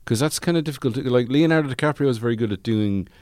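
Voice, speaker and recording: A man's voice: medium pitch, racing, darkish tone, no room sound, studio quality. A man on a podcast panel chatting casually, rambling with jokey asides. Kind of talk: casual chat.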